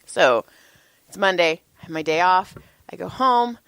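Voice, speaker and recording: A woman in her thirties co-hosting a podcast, telling a story in a casual, animated way and often laughing and swearing. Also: lowish voice, a little slow, clear, resonant tone, no echo. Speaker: podcast co-host.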